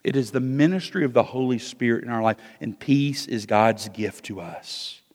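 A male pastor preaching an expository sermon, moving between loud emphasis and hushed asides. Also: mid-range voice, moderate pace. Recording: long hall reverb.

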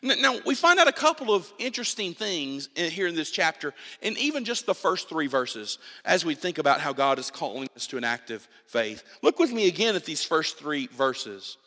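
A man's voice: on the high side, normal speed, hardly any pauses. A man preaching a sermon as pastor, emphatic and repeating himself as he builds his points. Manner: animated, emphatic preaching with repetitions and restarts. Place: church sanctuary. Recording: reverberant church hall.

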